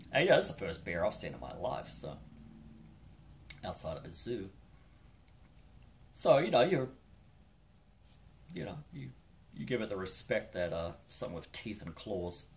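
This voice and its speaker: A man's voice: lowish voice, a little hiss or hum. A New Zealand man telling a laid-back, rambling, wry story from his long-distance hike. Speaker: hiker vlogger. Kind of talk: casual storytelling.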